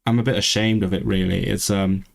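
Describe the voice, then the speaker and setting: A man hosting a casual language livestream, rambling, restarting his sentences and sounding out phrases slowly. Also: sits low, steady tone, gravelly. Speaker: language channel host. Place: lives in England, streaming from home.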